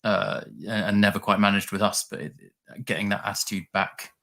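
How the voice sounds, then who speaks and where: A man speaking as a guest pundit in a casual chat over a video call. His voice is lowish, and he halts and repeats words as he works out his point. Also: creaky, bright, forceful tone. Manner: halting, repeats words as he thinks.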